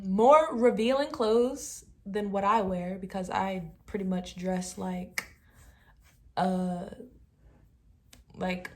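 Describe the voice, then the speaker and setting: A young woman in her twenties chats to camera at an unhurried, easy pace. Her voice sits at a middle pitch. Her delivery is relaxed and conversational, and she often drops into soft, trailing asides. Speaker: vlogger. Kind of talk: casual talking-to-camera commentary.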